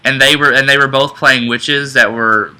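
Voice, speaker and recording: A man's voice: medium pitch, fairly even intonation, normal speed, bright, forceful tone, clear, resonant tone, poor audio. A man co-hosting a casual fan chat who rambles eagerly, often restarting his sentences and losing track of his words. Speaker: co-host.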